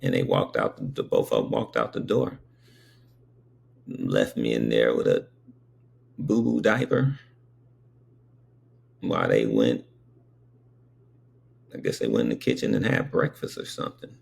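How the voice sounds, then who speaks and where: Low gravelly man, slow and meandering. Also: big pitch swings. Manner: meandering, conversational, many asides to the listener. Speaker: storyteller. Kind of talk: casual spoken recollection.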